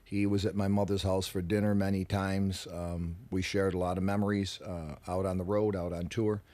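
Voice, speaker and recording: A man, a rock musician telling stories as a guest in a radio studio interview, animated and profane, acting out the people he quotes. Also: sits low, normal speed. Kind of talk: casual radio interview storytelling.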